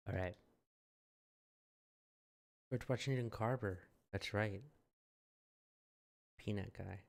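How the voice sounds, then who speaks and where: A male streamer chatting casually as he reads aloud, musing, offhand and full of deadpan jokes. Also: fairly low pitch, slow pace, vocal fry, pauses often. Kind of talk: casual live-stream chat while reading aloud.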